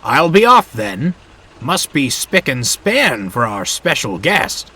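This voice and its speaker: A man's voice: mid-range voice, sing-song, slow, pushed and bright, breathy edge, voice pushed up, heavily acted. A man voicing a good-natured, earnest male diesel engine.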